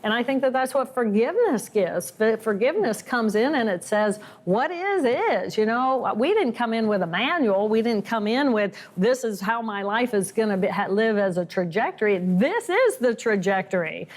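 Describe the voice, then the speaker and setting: A woman's voice: normal speed, hardly any pauses. A woman guest in a conversational interview, speaking expressively and acting out inner voices as she explains. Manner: expressive, acts out inner voices with rising pitch.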